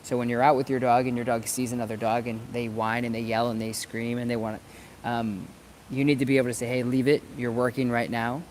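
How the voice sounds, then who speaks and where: Talking fast in a level, mid-range voice with a darkish tone, a dog trainer gives casual instructions to camera outside near some planters. He's conversational and repeats words as he thinks, and there's slight background noise.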